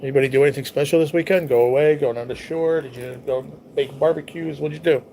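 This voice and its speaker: A man's voice: fairly high pitch, steady tone, fast talker, vocal fry, warm tone, a little hiss or hum. A man hosting a casual livestream, chatting in a rambling way and reacting to viewers' messages. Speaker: livestream host reading chat. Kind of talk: casual chat.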